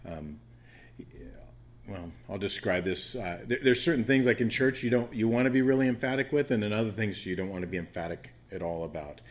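A man's voice: on the low side, a little fast. A man with a soothing voice teaching a Bible study, rambling with frequent restarts and fillers.

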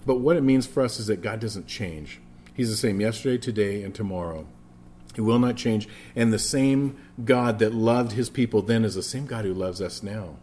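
A man's voice: fairly low pitch, normal speed, darkish tone, a little hiss or hum. A man preaching a sermon as a pastor, emphatic, repeating phrases for stress and often restarting his words.

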